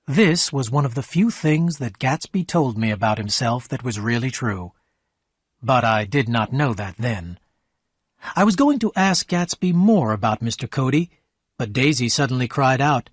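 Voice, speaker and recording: Brief: male narrator for a graded storybook reading, steady and clear, dry close sound. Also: medium pitch, moderate pace, no room sound. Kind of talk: scripted storybook narration for English learners.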